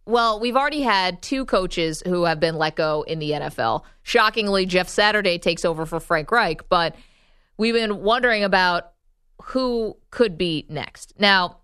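A woman co-hosting a sports radio show, chatting casually and bantering with quick laughs. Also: on the low side, expressive, a bit bright, clean tone, no room sound, studio quality. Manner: laughs often, quick back-and-forth banter. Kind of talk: casual sports talk chat.

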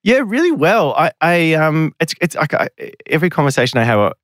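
A man's voice: fairly high pitch, big pitch swings, brisk, a bit bright, no echo, clean studio sound. A man talking as a podcast guest, telling long stories in a rambling, self-deprecating way. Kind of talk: casual podcast interview.

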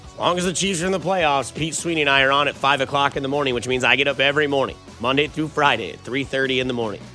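A man's voice: mid-range voice, fast talker, sharp tone, soft background music. A young man hosting a sports radio show, chatting and telling rambling stories in a casual way. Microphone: studio microphone.

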